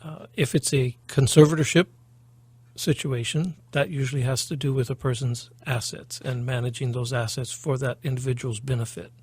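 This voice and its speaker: A man with a low voice, a guest on a radio talk show, explaining things in a measured way. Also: fairly even intonation, a little mellow, husky, no room sound. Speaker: guest, caregiving foundation director. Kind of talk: radio interview answers.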